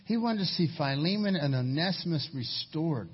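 Man, middle-aged, pastor's sermon, husky voice, muffled lo-fi audio. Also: fairly high pitch, moderate pace. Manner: storytelling, animated with sudden raised emphasis. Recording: dull lo-fi sermon recording.

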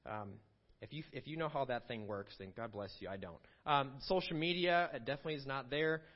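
A man's voice: mid-range voice, brisk. Pastor guy preaching in a church, talks loose and chatty, kinda muffled recording. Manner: conversational preaching with fillers and asides. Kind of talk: sermon. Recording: dull lo-fi sound.

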